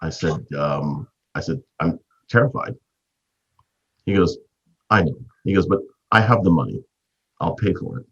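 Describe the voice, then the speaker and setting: A man in his fifties from Canada, hosting and telling a business story as an animated storyteller with a husky voice. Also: unhurried, dull audio. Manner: animated storyteller, big swings in pitch. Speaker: host.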